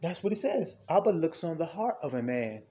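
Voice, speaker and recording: Animated man preaching an informal sermon. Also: fairly quick. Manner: conversational, rhetorical questions, frequent laughter; wide swings between low murmurs and high exclamations.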